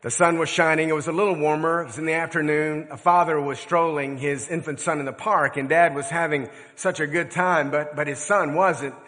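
A man in his sixties preaching a sermon, telling stories in an earnest, measured way with emphatic phrasing. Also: a little high, fairly even intonation, a bit bright. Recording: long reverb of a large hall.

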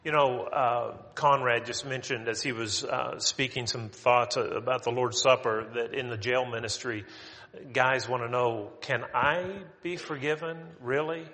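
A man's voice: medium pitch, steady tone, measured pace, pushed and bright, long reverb tail. A man preaching a sermon to his congregation, conversational and emphatic, rising on his questions.

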